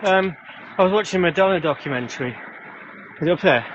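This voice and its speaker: A man's voice: sits high, quick pace. A man chatting casually with a friend while walking outdoors, telling a story eagerly. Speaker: friend on the stream. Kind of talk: casual chat. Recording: lo-fi phone stream with faint noise.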